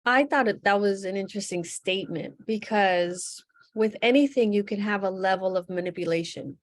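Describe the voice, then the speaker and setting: A woman speaking as a panelist in a webcast conversation, thoughtful and measured, often posing questions. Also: mid-range voice. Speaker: guest panelist.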